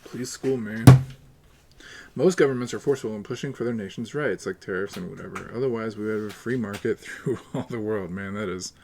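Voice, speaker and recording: A man's voice: fairly low pitch, fast talker, gravelly, few pauses, a little mellow, slight background noise. A man livestreaming, ranting to his chat in a profane, argumentative and sarcastic way. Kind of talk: casual live-stream rant to chat.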